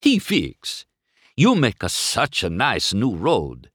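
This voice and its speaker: A man voicing an enthusiastic male tire-shop car, pitching eagerly in broken English. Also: huge pitch swings, slow, a bit bright, slightly rough, no room sound, studio quality, full character voice.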